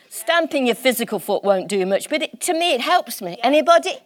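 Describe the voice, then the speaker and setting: Woman preacher, high voice, fervent and emphatic sermon delivery. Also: big pitch swings. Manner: impassioned, emphatic, slows on key words.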